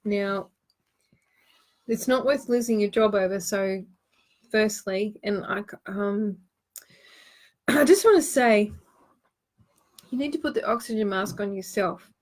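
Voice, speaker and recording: A woman's voice: medium pitch, measured pace. A woman hosting a live online card-reading show, giving earnest, reassuring advice with plenty of ums and restarts. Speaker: host and tarot card reader.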